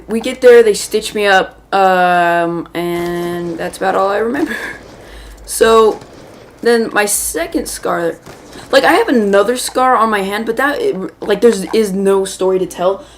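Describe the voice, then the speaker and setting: A woman with a mid-range voice talks a little slowly over slight background noise. She's hosting a gaming video, spinning a rambling, chatty story while playing a shooter and breaking off to react to the game.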